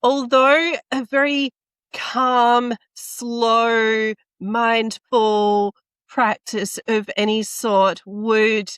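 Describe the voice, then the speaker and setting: A woman podcast host with a slightly raised pitch chats thoughtfully with her guest, affirming points and sharing her own experience. The sound is dry and close. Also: a bit bright, no echo. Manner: affirming, reflective, shares personal experience. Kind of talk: podcast interview chat.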